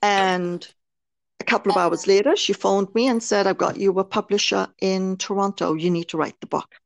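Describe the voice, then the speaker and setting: The woman speaks at normal speed in a steady, gravelly, medium-pitched voice, with no room sound. She's a nurse and author from Britain with a British English accent, opening up frankly and earnestly in a podcast interview and using many fillers.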